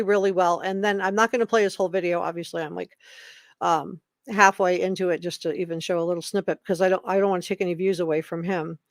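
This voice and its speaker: A woman with a low voice talks straight into a close mic in a dry, dead room with no room sound. Hosting a casual live stream, she chats, greets viewers by name, reads their comments aloud and keeps apologizing in asides.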